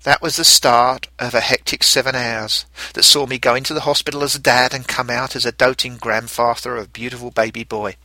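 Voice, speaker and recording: A middle-aged man tells a first-person story in a gentle, reflective way. His voice is very bright and forward. The recording is close and dry, with no room sound. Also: medium pitch, flat delivery, a little fast, hardly any pauses, no echo. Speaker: narrator. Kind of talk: storytelling narration.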